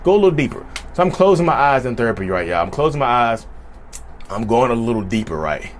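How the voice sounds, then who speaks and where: A man talking quickly in a casual vlog, relaying a personal story. He is chatty and repetitive and keeps calling out to his viewers. His voice sits at a middling pitch, with a faint hiss behind it. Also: sing-song. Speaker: vlogger.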